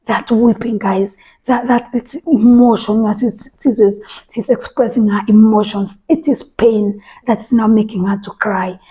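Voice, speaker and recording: A woman preaching a sermon, speaking emphatically, repeating phrases and restarting words, and sometimes dropping to a soft whisper. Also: mid-range voice, fairly even intonation, measured pace, few pauses, husky.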